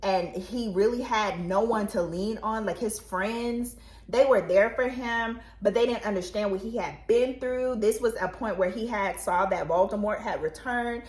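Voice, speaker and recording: A woman co-hosting a book channel, chatting casually and telling rambling, animated stories. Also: medium pitch, normal speed, echoey room.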